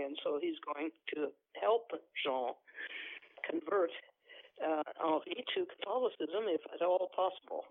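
A man reading his own novel aloud in measured first-person narration over a tinny phone line, then talking about the story, with occasional self-corrections. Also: a little high. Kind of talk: book reading and phone interview.

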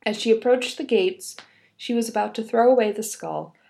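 A woman's voice: a little high, moderate pace, vocal fry, a little mellow. A young woman reading a fairy tale aloud, breaking off for playful, giggly asides. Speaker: podcast host. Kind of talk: storytelling with casual commentary.

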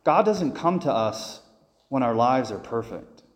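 Male priest, mid-pitched, loose homily delivery with stumbles, long church reverb. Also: expressive, measured pace. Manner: conversational, many restarts and fillers. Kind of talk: homily with personal stories.

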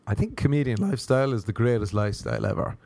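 A man's voice: mid-range voice, quick pace, no echo. Irish man telling stories animatedly. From Ireland. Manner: animated, swears freely, acts out voices. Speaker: comedian. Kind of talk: comic storytelling.

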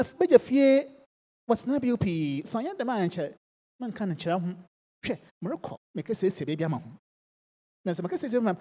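Woman preaching with a mellow voice. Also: medium pitch, in a large hall. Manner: mixes English with a local language, with big swings between soft and loud. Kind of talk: sermon.

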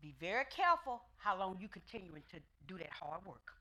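A woman's voice: medium pitch, sing-song, fairly quick, bright, forceful tone. A woman pastor preaching a fervent, emphatic sermon with folksy, conversational asides to her congregation.

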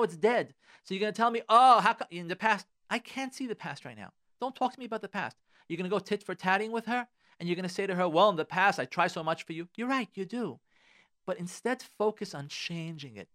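A man's voice: high-pitched, a bit bright, dry recording, clean studio sound. A man, a rabbi, giving earnest, direct marriage advice on a radio talk show and repeating phrases for emphasis.

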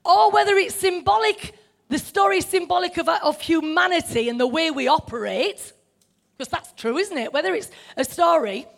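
A woman's voice: extremely high pitch, normal speed, vocal fry. A middle-aged woman preaching a sermon in a conversational way, asking the listeners questions.

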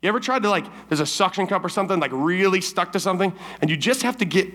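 A man speaking to teens at a summer camp service, telling a story in a casual, animated way and acting out his own lines. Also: high-pitched, quick pace. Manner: casual, many fillers like "like" and "right?".

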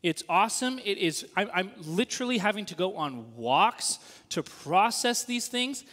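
A man in his thirties telling a story in a sermon, animated and acting out the voices of the people he quotes. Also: sits high, normal speed, in a large hall.

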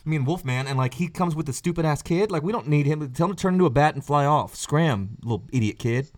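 A man hosting a comedy podcast, loud and rambling, riffing jokes with his co-hosts. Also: a little high, animated, fast talker. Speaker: podcast host.

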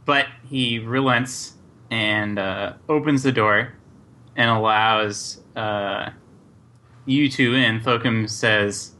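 A man narrating as game master in a tabletop game, halting and full of fillers. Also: lowish voice, steady tone, sharp tone. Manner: unhurried, halting, lots of fillers.

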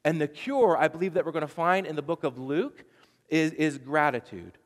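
A man's voice: a little high, moderate pace, long reverb tail. A man preaching a sermon as pastor, telling a chatty story with frequent stammered restarts.

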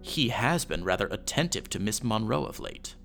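A man's voice: on the low side, animated, moderate pace, creaky, fairly bright tone, faint music behind. A man voicing a gossipy young widow hostess with feigned surprise. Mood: arch.

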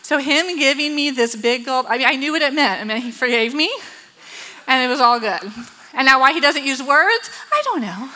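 A woman's voice: high voice, animated, moderate pace, sharp tone, poor audio. A woman with children tells a personal story, acting out the quotes and laughing often. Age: adult with children. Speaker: speaker telling a personal story.

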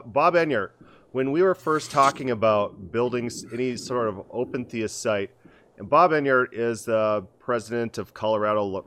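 A middle-aged man chatting on a casual podcast, winding through anecdotes with frequent restarts and false starts. His pitch sits in an ordinary middle range for a man. When he quotes people, he slips into their voices. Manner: rambling storyteller with many restarts, acts out voices in quotes. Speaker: podcast co-host. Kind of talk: casual conversational podcast chat.

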